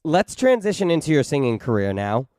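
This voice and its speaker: Smooth-voiced man hosting a podcast. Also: a little high, big pitch swings, brisk, darkish tone, no room sound, clean studio sound. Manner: easygoing, joking questions. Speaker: podcast host. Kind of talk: casual interview chat.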